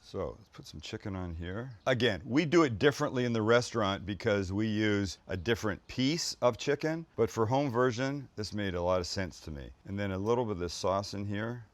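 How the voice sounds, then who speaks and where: A man's voice: lowish voice, expressive, a little fast, few pauses, no echo. A man hosting a casual cooking demonstration, chatty and jokey, talking to his crew and himself as he cooks and swearing now and then. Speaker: cooking show host. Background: food sizzling in a pan.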